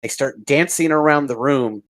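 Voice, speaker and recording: A man's voice: medium pitch, moderate pace, low-quality recording. A man narrating as dungeon master, describing the scene vividly and rambling with fillers. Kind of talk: narrating a tabletop game.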